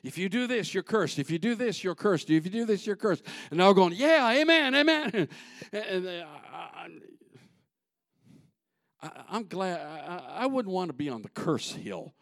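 High-voiced preacher shouting to his church. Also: animated, normal speed, gravelly, no room sound, studio quality. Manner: builds to shouting peaks, drops to low asides; folksy, repetitive, call-and-response. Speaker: pastor. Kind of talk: sermon.

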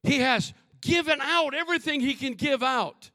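A man preaching a fervent sermon to his congregation, swinging from booming shouts to soft asides and calling out to the crowd. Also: sing-song, normal speed, few pauses, no echo, studio quality. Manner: calls out to the congregation.

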